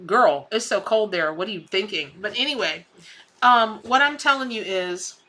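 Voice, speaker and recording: Middle-aged Southern woman, bright voice, warm folksy patter as a live-stream tarot reader. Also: mid-range voice, lively intonation, normal speed. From American South. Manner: folksy and effusive, calls viewers honey and baby.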